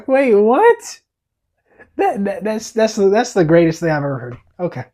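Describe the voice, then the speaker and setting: A man's voice: high voice, sing-song, fairly quick, mellow. A young man hosting a read-aloud of a picture book, enthusiastic, with stammering restarts and laughing asides. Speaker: storybook reader, channel host.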